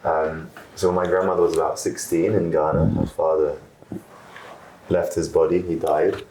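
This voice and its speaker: A man hosting a podcast, telling a family story in a relaxed, casual way with fillers. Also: very deep voice, moderate pace. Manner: relaxed, with fillers and soft laughs. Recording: roomy room with faint background noise.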